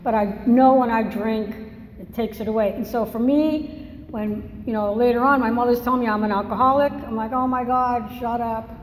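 In a personal testimony talk, a woman from Massachusetts recounts her recovery in a candid, self-mocking, conversational way. Her voice is on the high side at a moderate pace, with slight background noise and the long reverb of an echoey hall.

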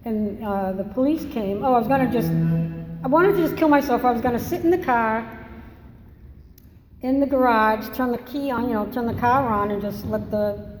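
A woman's voice: a little high, normal speed, slight background noise. A woman from Massachusetts telling her own story in a candid, self-mocking, conversational way. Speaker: speaker sharing a recovery story. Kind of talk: personal testimony talk. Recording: echoey hall with long reverb.

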